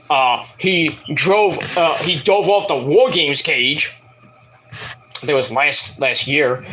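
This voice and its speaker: Casual male reviewer, bright and lively, profane and rambling. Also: on the high side. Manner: profane, ranting, hesitant with fillers. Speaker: wrestling review vlogger.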